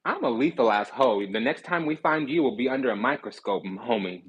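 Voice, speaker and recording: A man giving a sassy, animated tarot reading, blunt and swearing freely. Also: mid-range voice, brisk, hardly any pauses, background noise. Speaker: spiritual card reader.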